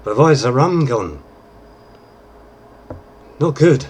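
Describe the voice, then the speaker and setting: A man's voice: mid-range voice, very animated, slow pace, darkish tone, slight background noise, voice pushed up. Man doing Jack Sparrow, slurring drunk pirate. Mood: indignant. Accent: English with a slight American twang. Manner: slurred, theatrical, drawling. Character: swaggering drunken male pirate captain.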